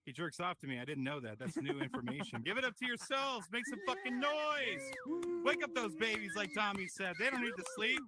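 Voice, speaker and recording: A man's voice: sits high, a little fast. A man performing stand-up comedy, swearing freely and working the crowd with lots of energy. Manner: profane, energetic crowd work. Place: virtual reality comedy club.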